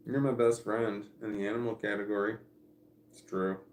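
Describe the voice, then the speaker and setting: A man's voice: lowish voice, fairly even intonation, moderate pace, roomy sound. A man in his forties chatting casually on a livestream, rambling and candid as he thinks aloud. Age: 40s. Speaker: streamer.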